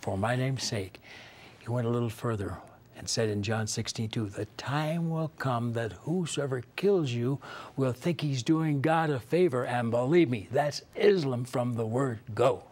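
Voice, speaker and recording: An older male televangelist preaching with dramatic swings from loud declarations to hushed whispers, husky voice. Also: mid-range voice, a little slow. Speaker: televangelist host. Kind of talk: fiery preaching commentary.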